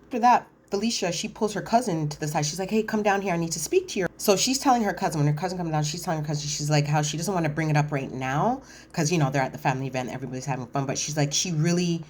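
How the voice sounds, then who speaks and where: A woman's voice: sits low, rapid-fire, few pauses, a little hiss or hum. Chatty woman recapping reality TV. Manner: animated, quotes cast members in voiced asides; chatty, frequent fillers and self-corrections. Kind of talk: casual recap commentary.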